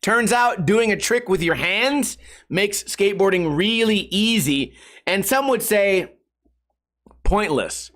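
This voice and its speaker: A man's voice: high voice, lively intonation, takes it slowly, a bit bright. A young man hosting a solo podcast, ranting sarcastically with lots of swearing and mocking impressions of commenters. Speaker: podcast host.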